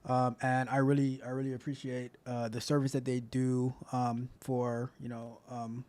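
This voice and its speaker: A man's voice: medium pitch, flat delivery, moderate pace, darkish tone. A man hosting his coding channel, talking in a loose, rambling way and repeating himself as he comments. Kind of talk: casual reaction commentary.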